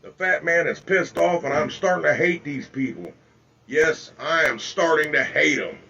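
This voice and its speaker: A man's voice: a little high, normal speed, creaky, sharp tone, lo-fi sound. Angry older man ranting to viewers. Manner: angry, repetitive, folksy, addresses viewers as folks. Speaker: political video blogger. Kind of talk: impassioned direct-to-camera rant. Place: home with flags in the background.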